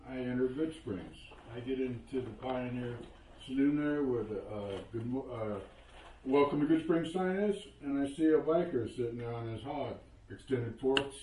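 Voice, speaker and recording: A man in his seventies, a local resident, telling a story in a casual, animated way, acting out what people said and cursing freely. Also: medium pitch, a little hiss or hum. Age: 70s. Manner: animated, acts out quoted exchanges, curses freely. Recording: roomy echo, voice from a distance.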